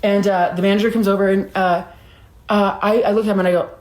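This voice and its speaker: A woman's voice: mid-range voice, steady tone, quick pace, a little mellow, slight background noise. A woman casually telling a personal story in a chatty way, full of fillers and swearing. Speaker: storytime vlogger. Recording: roomy echo.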